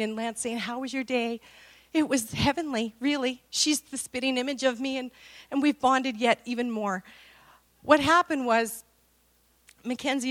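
A woman, giving a sermon full of personal stories, acting out dialogue and laughing often. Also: on the high side. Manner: animated storytelling, acts out dialogue, laughs often. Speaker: women's speaker.

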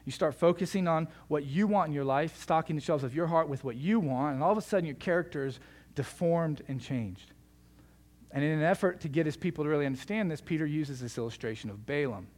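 A male pastor preaching a sermon in a conversational, joking storytelling manner. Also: fairly high pitch.

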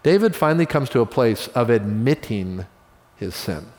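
In a space with a big-room sound, a pastor with a mid-range voice gives a sermon in a laid-back, chatty storytelling style full of quick asides.

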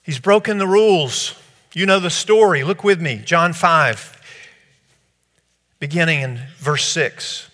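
High, bright-voiced preacher in a reverberant hall. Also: male voice, slow pace, pauses often. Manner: animated, swings from hushed scripture reading to loud excited storytelling. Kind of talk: sermon.

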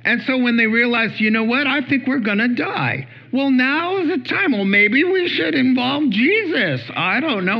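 A male pastor preaching a conversational sermon, animated, with playful asides and acted-out quotes. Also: fairly high pitch, lo-fi sound.

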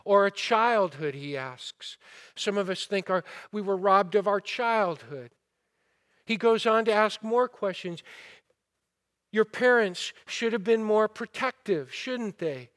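A man's voice: high voice, animated, takes it slowly, a bit bright. A man preaching a sermon, asking the listeners rhetorical questions and retelling a parable with rising fervor. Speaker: pastor.

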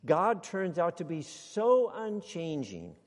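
A man preaching a sermon to a congregation, speaking deliberately and building to emphatic exclamations. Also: on the high side, sing-song, a little mellow, in a large hall. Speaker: pastor.

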